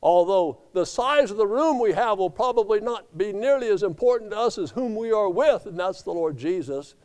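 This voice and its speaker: Impassioned preacher with a high voice. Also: male voice, animated, moderate pace, few pauses. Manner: swings from hushed low tones to raised impassioned climaxes; quotes scripture with slips and self-corrections. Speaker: pastor. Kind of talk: sermon.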